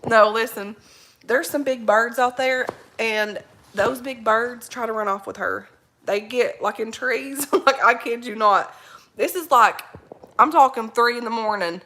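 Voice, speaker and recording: Woman streamer, bright forceful voice, a bit high, folksy rambling chat. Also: measured pace, pauses often. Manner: rambling, laughs often, folksy slang. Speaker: livestream host reading viewer comments. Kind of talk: casual live chat.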